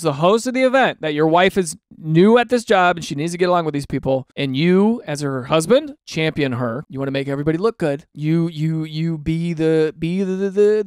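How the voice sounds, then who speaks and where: A man doing comic commentary on online posts, animated and mock-exasperated, slipping into silly voices. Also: fairly high pitch, no room sound, studio quality. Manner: drops into silly quoted voices. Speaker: comedy commentator.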